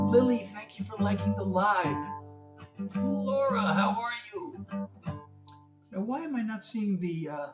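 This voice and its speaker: A man's voice: high voice, distant mic. Chatty man on an echoey livestream. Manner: chatty, greets viewers by name, fumbles with setup. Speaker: singer-songwriter hosting a livestream. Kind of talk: casual livestream chat. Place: room at home lit by a ring light. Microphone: phone. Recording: echoey room, voice heard from off the mic.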